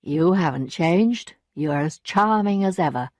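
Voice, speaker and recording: A woman voicing a calm, smooth male seducer who speaks softly. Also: fairly low pitch, measured pace, no room sound. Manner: calm, soft.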